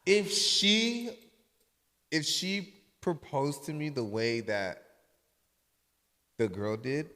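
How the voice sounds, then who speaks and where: A man hosting a podcast, telling stories in a loose, profane, casual way that often drops soft and low. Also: very slow, long pauses, in a large hall. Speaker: podcast host.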